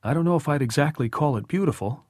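An audiobook narrator voicing a tired, gently wry middle-aged man, a little higher and quicker than his narration. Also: expressive, no room sound, clean studio sound.

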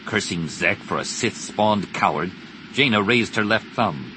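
A man narrating a story aloud, dramatic and expressive, dropping soft on grave lines. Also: fairly low pitch, a little slow. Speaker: audiobook narrator. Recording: noisy recording.

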